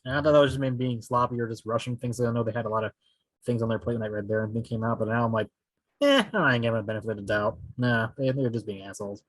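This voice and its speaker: A man's voice: mid-range voice, flat delivery, no echo, rough recording. A man, a podcast co-host, speaking bluntly in casual chat. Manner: fast, candid, blunt.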